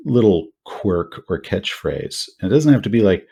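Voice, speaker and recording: A man with a deep, slightly husky voice co-hosts a casual podcast about tabletop horror games. His pitch swings widely as he talks, and he rambles through asides. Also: normal speed. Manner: animated, rambling with many asides. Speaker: podcast co-host.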